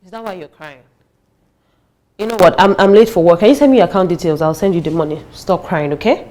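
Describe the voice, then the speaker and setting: A woman's voice: lowish voice, fast talker, mellow, close to an everyday voice. An actress with a Nigerian accent playing a volatile wife who insists she was a first lady, talking in an erratic, insistent way. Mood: kindly. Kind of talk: film drama acting.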